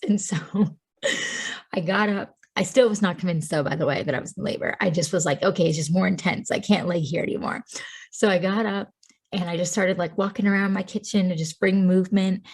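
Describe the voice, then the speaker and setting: A woman's voice: medium pitch, moderate pace, slightly rough. A woman in her thirties from Tennessee, a podcast guest telling a personal story in a chatty way, laughing often and saying "like" a lot. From Tennessee, USA. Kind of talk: casual storytelling.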